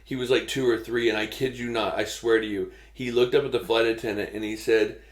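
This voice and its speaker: A man's voice: mid-range voice, steady tone, fairly quick. Laid-back man telling a story, roomy sound. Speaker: podcast co-host. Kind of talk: casual storytelling chat. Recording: roomy echo.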